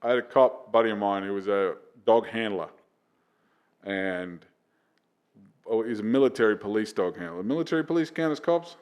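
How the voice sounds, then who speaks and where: A man, a comedian guest on a casual podcast, telling a profane story that climbs to loud, excited retelling. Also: lowish voice, moderate pace, long pauses, smooth.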